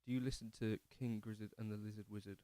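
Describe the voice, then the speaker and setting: A man's voice: fairly low pitch, flat delivery, quick pace, warm tone, dry recording. A man hosting a casual livestream from his living room, rambling and self-deprecating as he answers chat comments. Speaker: livestream host.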